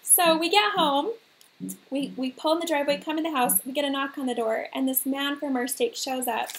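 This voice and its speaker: A woman hosting a faith livestream, telling a story to her viewers in an earnest, animated way and repeating phrases for emphasis. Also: high voice, brisk, slight background noise.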